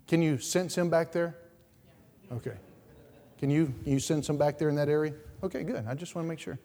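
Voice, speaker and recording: A male pastor preaching a sermon in a church, repeating words and swinging from quiet asides to loud outbursts. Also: on the high side, fairly quick. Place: church sanctuary. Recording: reverberant church hall.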